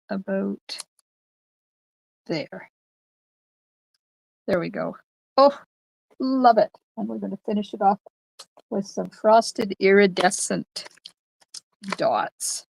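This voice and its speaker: An older woman hosts a live-streamed card-making tutorial from her home craft room. She talks slowly and chats with viewers as she stamps. Her voice has a gravelly edge, and the recording is dry and close. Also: mid-range voice, dry recording, rough recording.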